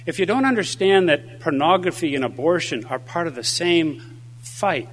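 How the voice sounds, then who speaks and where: An older man giving a conference speech, telling anecdotes and a joke. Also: a little high. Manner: storytelling, lively delivery. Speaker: conference speaker.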